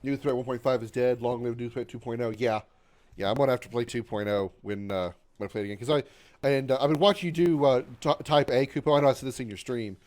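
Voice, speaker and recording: A man in his thirties talks loosely to his stream while he plays. He is sarcastic, swears freely, reads viewers' messages aloud, and yelps loudly when his character is in danger. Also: medium pitch, fast talker. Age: 30s. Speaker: gaming livestreamer. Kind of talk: casual gaming stream chat.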